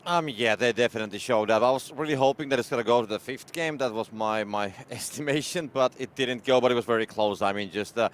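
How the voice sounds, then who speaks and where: A man giving a relaxed post-match analysis of an esports final, with hesitant, filler-heavy phrasing. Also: mid-range voice, fast, hardly any pauses, slight background noise.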